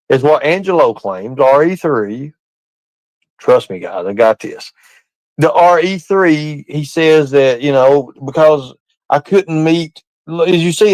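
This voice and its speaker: A man's voice: a little high, dry recording, rough recording. A man hosting a live stream, rambling and repeating himself while quizzing his chat with questions. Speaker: livestream host.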